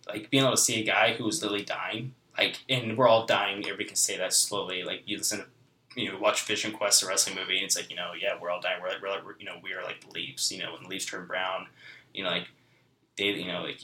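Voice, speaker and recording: Young guy telling his faith story, rambly, deep but bright voice, roomy echo. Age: 20s. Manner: rambling, full of fillers like "you know, like". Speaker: guest. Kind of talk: heartfelt personal testimony. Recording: echoey room.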